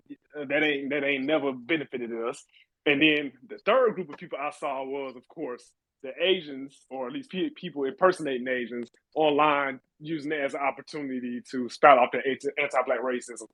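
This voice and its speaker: A man hosting a live audio chat room, speaking in a fairly high voice with a dry, close sound. He rants with energy, swears freely and laughs often between points. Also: moderate pace, no echo, highs cut off. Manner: animated, laughing, profane rants. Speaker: host.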